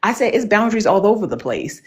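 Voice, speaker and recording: A woman talking as a panelist in casual chat, animated and emphatic, full of slang. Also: mid-range voice, fast, crowd noise.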